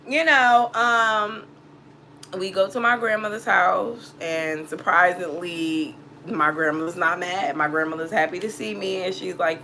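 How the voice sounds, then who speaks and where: A woman's voice: fairly low pitch, steady tone, a little slow, bright, forceful tone, slight background noise. A woman telling a personal story in a casual vlog, emphatic and full of swearing, breaking into laughter. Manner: profane, emphatic, laughs often. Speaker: tarot reader telling a story.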